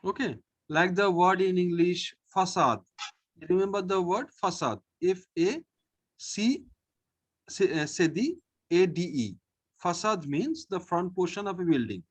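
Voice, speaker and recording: A man leads an online French lesson, taking it slow and repeating each sound for his pupil. His pitch swings widely as he explains, and his voice carries a faint husky edge. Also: expressive. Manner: slow, patient, repeats each sound, often says okay. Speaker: French teacher.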